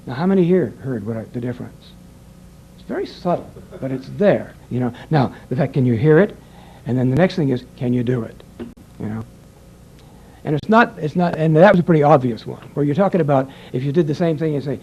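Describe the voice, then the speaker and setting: A man's voice: fairly high pitch, expressive, brisk, mellow, dull audio, a little hiss or hum. An older man who directs voiceover sessions, giving a rambling, conversational lecture to an audience and acting out exchanges from the studio.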